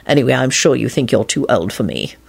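A woman voicing a tired, wry man who speaks quietly and steadily. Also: extremely low pitch, sing-song, brisk, vocal fry, husky, pitched below the performer's own voice, exaggerated voice.

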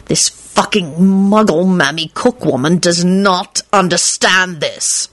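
A woman's voice: on the low side, slow pace, a bit bright, no room sound. A woman doing a sullen, snarling man. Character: moody, brooding man, sullen and volatile.

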